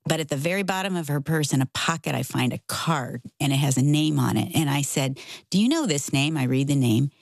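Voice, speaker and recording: A middle-aged woman telling a personal story in casual conversation, animated and acting out the voices of the people in it. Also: rumbling low, brisk, creaky, few pauses, dry recording. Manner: animated, acts out quoted voices. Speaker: guest.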